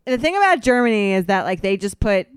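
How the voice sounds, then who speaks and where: A man co-hosting a comedy chat show, wry and chatty, full of fillers and quick agreement. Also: high-pitched, very animated, clean tone, no echo. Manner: wry, agreeable, frequent fillers and short replies. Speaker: podcast co-host.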